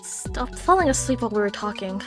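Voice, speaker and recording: A woman voicing a calm, dry adult female investigator boss in a flat, matter-of-fact way. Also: medium pitch, a little fast, soft background music, voice pushed down, close to an everyday voice. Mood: deadpan.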